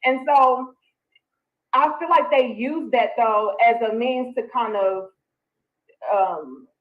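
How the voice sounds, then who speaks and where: A woman speaks a bit high in her range as an interview guest. She explains herself earnestly, with frequent pauses on fillers. The clip sounds dull and lo-fi. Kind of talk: conversational interview. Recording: dull lo-fi audio from a played clip.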